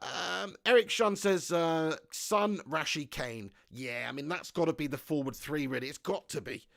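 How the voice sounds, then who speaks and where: A man hosting a live fan stream, chatting excitably and reading out viewer comments. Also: on the high side, moderate pace, gravelly, no room sound. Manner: excitable, chatty, often laughing. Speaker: fan channel host.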